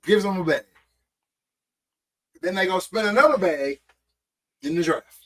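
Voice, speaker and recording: A man's voice: sits high, lively intonation, unhurried, fairly bright tone, poor audio. A man co-hosting a podcast in a casual sports chat, talking in a blunt, slangy, mocking way. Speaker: podcast co-host.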